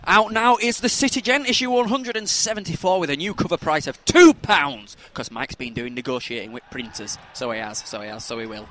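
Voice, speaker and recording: Bright-voiced podcast host. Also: male voice, fairly high pitch, fairly quick, few pauses, a little hiss or hum. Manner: joking, chatty, jumps between loud outbursts and mutters. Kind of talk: casual chat.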